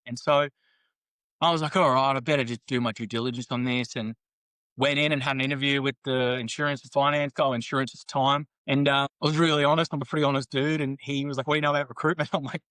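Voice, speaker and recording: Brief: man, podcast guest, rapid-fire casual storytelling, blunt and sweary, dry close mic. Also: mid-range voice, steady tone, a bit bright, no echo, low-quality recording. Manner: candid, sweary, quotes others in banter.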